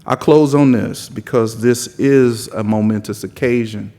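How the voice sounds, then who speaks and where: A low-pitched man with a softened Southern drawl delivers a rousing opening speech at a lectern. He stacks his points into repetitive, building lists. His voice rings out with the long reverb of a big conference hall. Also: a little slow. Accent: mild Southern US drawl. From South Carolina. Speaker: conference speaker giving opening remarks. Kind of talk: impassioned keynote speech.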